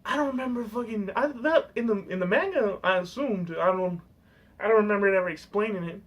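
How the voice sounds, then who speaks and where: Young guy with a super high voice, rambly sweary rant, says dude a lot. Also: expressive, brisk. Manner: profane, rambling, full of "dude". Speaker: vlogger. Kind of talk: casual rant.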